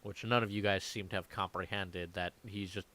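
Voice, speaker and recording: Casual profane game master, bright clear voice. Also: male voice, low voice, fairly even intonation, moderate pace. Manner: casual, profane, laughing asides to players. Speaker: dungeon master. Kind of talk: running a live tabletop game.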